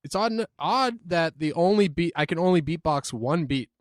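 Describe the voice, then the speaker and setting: A man's voice: fairly high pitch, lively intonation, normal speed, dry recording, studio quality. A man co-hosting a podcast in casual banter, rambling, swearing and poking fun at himself. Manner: rambling, profane, self-mocking. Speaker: podcast co-host. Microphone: studio mic.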